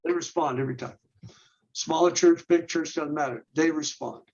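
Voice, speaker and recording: A man with a fairly high voice, speaking as a guest on a ministry podcast. He walks through his points step by step, stacks up rhetorical questions and trips over repeated words. The audio is dull and lo-fi. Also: moderate pace, gravelly, a little mellow. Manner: earnest, lists steps and rhetorical questions, repeats and restarts words. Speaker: guest, men's ministry leader. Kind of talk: instructional interview talk.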